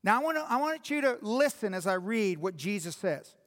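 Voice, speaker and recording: A man's voice: high-pitched, very animated, fairly quick, fairly bright tone, long reverb tail. A man preaching a sermon as pastor, speaking directly and with passion to the congregation.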